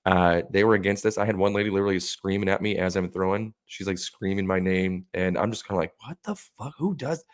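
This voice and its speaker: A man's voice: sits low, little pitch movement, fast, few pauses, smooth, no room sound, clean studio sound. A man co-hosting a podcast, telling a long rambling, profane bar story and acting out what others said. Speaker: podcast co-host. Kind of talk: casual storytelling chat.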